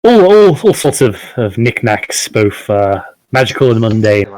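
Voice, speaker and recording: A man's voice: lowish voice, big pitch swings, unhurried, darkish tone, no echo, rough recording. A man voicing a sleepy, chatty elderly male curio merchant with rambling, filler-laden sales patter. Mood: wheedling.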